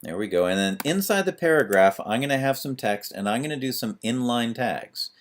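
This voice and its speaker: A man's voice: medium pitch, animated, a little fast, a little hiss or hum. A man teaching a screencast lesson on web pages, talking through each step as he types, with fillers. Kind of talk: screencast tutorial.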